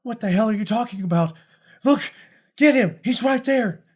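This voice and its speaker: A man's voice: rapid-fire, bright, forceful tone, slightly rough, full character voice. A man voicing a frightened noblewoman who shrieks in panic. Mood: panicked. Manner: shrill, panicked. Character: frightened high-strung noblewoman.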